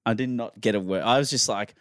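A man's voice: fairly low pitch, fast talker, no room sound. Male podcast co-host, casual storyteller, dry close sound. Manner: rambling storyteller, animated quotes. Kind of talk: casual chat.

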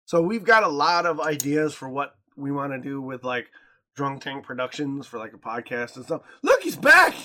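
A man co-hosting a casual podcast. He talks in an animated way and jumps high in pitch when he jokes and mimics people. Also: moderate pace. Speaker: podcast co-host.

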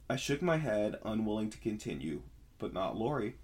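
A man co-hosting a podcast, reading a horror story aloud and then chatting, relaxed and laughing easily. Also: on the low side, moderate pace. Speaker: podcast co-host.

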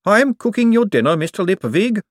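A towering clay golem woman speaks in a high, stiff, dutiful tone with a trace of defiance, as a male narrator puts her on. She is a storybook servant, polite and unbending, every word even and careful. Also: brisk, no echo, studio quality. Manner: flat, dutiful, quietly defiant.

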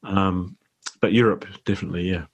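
A New Zealand man with a very low, deep voice talks through his stories in an easygoing, rambling way. He is a middle-aged actor chatting as a guest in a relaxed interview. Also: brisk, husky.

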